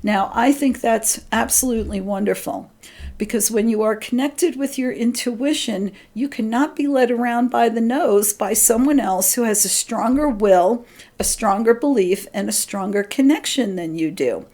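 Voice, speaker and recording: A middle-aged woman giving an earnest spiritual talk, gently coaching listeners about their intuition. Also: a little high, moderate pace. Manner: gentle, earnest, quotes her inner voice in a lighter tone. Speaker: spiritual teacher.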